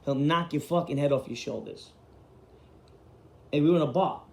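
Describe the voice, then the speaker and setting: A man's voice: fairly high pitch, moderate pace, vocal fry. A man telling blunt, profane street stories in a casual way. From Queens, New York. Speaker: storyteller host. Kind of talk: casual storytelling. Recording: roomy echo.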